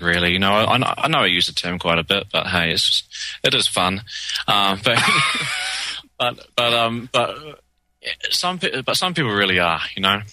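A man's voice: fairly low pitch, bright, forceful tone, no room sound, poor audio. A man in casual chat, ranting emphatically and repeating himself.

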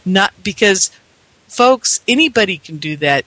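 A man, telling a long personal story in a rambling, animated way. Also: high voice, moderate pace, no echo. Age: 50s. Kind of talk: storytelling monologue.

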